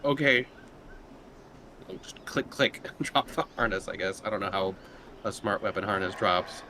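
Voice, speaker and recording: A man's voice: on the low side, moderate pace, pushed and bright, a little hiss or hum. A man, a player in a tabletop game, talking casually and hesitantly about his moves.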